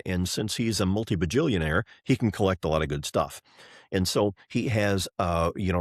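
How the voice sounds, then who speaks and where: A man's voice: low-pitched, no room sound, studio quality. A middle-aged man, a race driver and entrepreneur, telling an enthusiastic story as a podcast guest, acting out the voices of people he quotes. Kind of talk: animated storytelling in a podcast interview.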